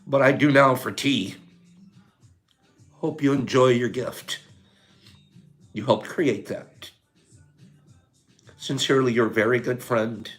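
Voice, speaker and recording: An older man hosting a morning livestream, talking softly and tearfully about gratitude, then turning loud and excited as he greets viewers. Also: mid-range voice, slow, long pauses, soft background music. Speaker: livestream host. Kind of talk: emotional morning livestream chat.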